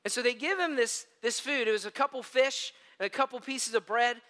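A man with a high, bright and ringing voice preaches a sermon, telling stories with animated, self-deprecating humor. He sounds like a pastor in front of his congregation. His words echo with the long reverb of a big hall. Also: brisk.

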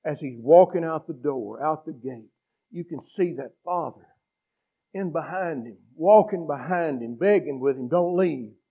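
A middle-aged male pastor preaching a passionate sermon, swinging between loud appeals and hushed pleading. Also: fairly high pitch, animated, a little slow, husky. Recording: tinny phone-like sound.

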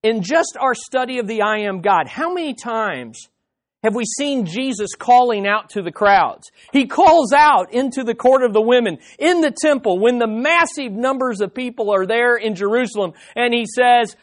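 Speaking in a very high voice, this male pastor works through an expository sermon for his flock. His style is lively and chatty, with lots of restarted sentences and brief, jokey impressions.

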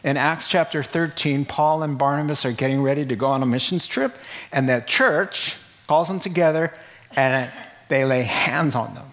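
A man preaching a sermon as a pastor, animated and jokey, jumping up into high exclamations. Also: normal speed.

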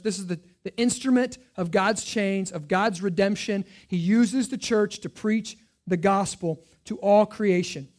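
High-voiced pastor preaching with swings. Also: male voice. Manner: emphatic preaching, rhetorical questions, swings from hushed to loud. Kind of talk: sermon.

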